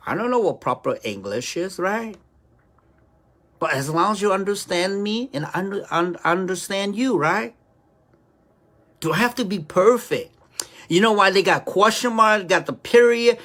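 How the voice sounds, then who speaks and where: Woman commentator, unhurried, animated intonation, preachy and questioning. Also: lowish voice, breathy edge. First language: Hmong. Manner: rhetorical, keeps asking "right?". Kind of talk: preachy opinion monologue.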